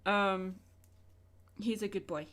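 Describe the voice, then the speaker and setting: Slow and a bit bright at medium pitch, this young woman rambles through a drawing livestream, chatting with viewers and fielding their questions. She's an art streamer.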